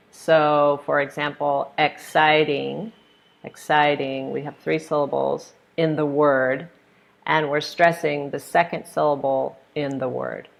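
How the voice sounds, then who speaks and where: Low, gravelly American woman teaching. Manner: friendly, explains with examples and answers questions. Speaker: English pronunciation teacher. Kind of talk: live online webinar lesson.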